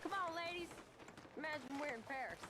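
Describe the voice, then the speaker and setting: An actress playing a mischievous, sharp-tongued outlaw woman with playful, catty remarks, as video game dialogue. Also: high voice, fairly quick, close to an everyday voice. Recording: game audio under loud hoofbeat noise. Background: horse hooves.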